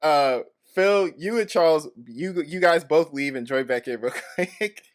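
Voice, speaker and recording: A man's voice: fairly high pitch, unhurried. A man hosting a casual group chat on a voice call, laughing often as he talks. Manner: giggly, breaks into frequent laughter. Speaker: podcast host. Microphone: online voice call.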